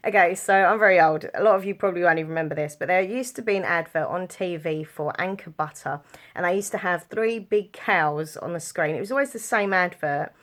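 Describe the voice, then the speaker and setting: A young woman talks casually to her viewers, her voice sitting a little low. She rambles from story to story, giggling and filling gaps with ums and likes. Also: fairly quick. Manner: chatty, giggly, rambling with lots of fillers. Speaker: vlogger. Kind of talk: casual chat to camera.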